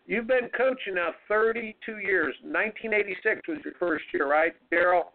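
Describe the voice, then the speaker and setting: A man's voice: high-pitched, normal speed, creaky, a little hiss or hum. Emphatic man hosting a phone-like radio show. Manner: emphatic, motivational, folksy. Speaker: radio show host and tennis coach. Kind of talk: radio talk show storytelling. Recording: narrow phone-like radio sound.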